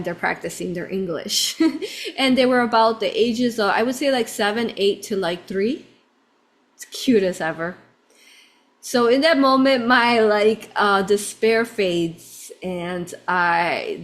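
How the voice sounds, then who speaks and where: Woman telling a story expressively. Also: on the high side. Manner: expressive, swinging between hushed and excited. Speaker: spiritual channeler. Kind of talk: live personal storytelling.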